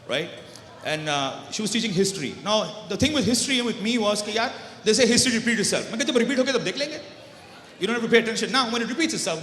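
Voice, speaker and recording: A high, bright-voiced man from Pakistan doing an animated stand-up set, teasing the audience and mixing in Urdu. His voice carries the long echo of a big banquet hall. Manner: animated, banters with the crowd, switches between English and Urdu. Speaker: stand-up comedian. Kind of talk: stand-up comedy.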